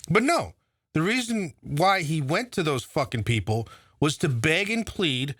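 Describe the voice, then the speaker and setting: Guy ranting about politics, swears a lot, sarcastic, really lively voice, dry close mic. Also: a little high, moderate pace, no room sound. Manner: profane, sarcastic, animated. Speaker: political commentator. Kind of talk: casual political rant.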